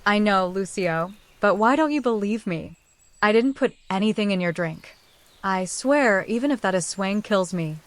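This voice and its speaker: A woman's voice: medium pitch, lively intonation, normal speed, no room sound, close to an everyday voice. A woman reading the part of a frightened young village woman who keeps insisting she is innocent. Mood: pleading.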